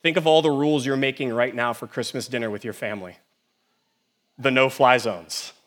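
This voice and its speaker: Animated man preaching a sermon. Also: medium pitch, moderate pace. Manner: animated preaching, swings between loud and hushed; asks the congregation many rhetorical questions. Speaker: pastor.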